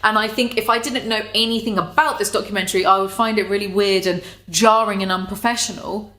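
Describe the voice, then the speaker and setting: A woman's voice: medium pitch, fairly even intonation, a little fast, pushed and bright. A woman commentator with a mid-range voice, chatty and sarcastic. She rolls her eyes through the material in a loose, casual video-commentary style, dropping the odd swear. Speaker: commentary YouTuber.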